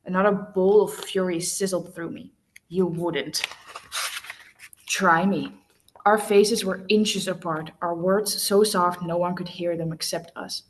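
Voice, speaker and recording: A woman's voice: lowish voice, fairly even intonation, normal speed, few pauses, a little hiss or hum. A woman hosting a casual read-along, reading a romance novel aloud and often stumbling and correcting herself. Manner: stumbles and self-corrects, laughs at slips.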